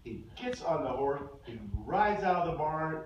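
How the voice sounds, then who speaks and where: Man, storyteller for a kids' group, fairly high voice, plays the family voices. Recorded from far off in an echoey, noisy room. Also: lively intonation, normal speed, hardly any pauses, muffled recording. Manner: plays family voices, asks the kids questions. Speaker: storyteller for young children. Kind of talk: casual storytelling to kids.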